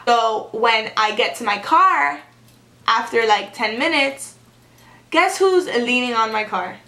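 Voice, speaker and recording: A young woman vlogger telling a story in a casual, animated, sarcastic way, filling her talk with "like.". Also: fairly high pitch, slow pace. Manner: animated and sarcastic, heavy use of "like". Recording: echoey room.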